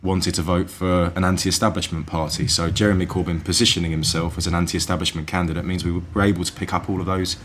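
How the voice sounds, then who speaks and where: A man with a very deep, low voice speaks in a casual political chat. He lays out his analysis steadily and deliberately, with the occasional filler. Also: level tone, fairly bright tone, a little hiss or hum. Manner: measured, analytical, hedging with fillers.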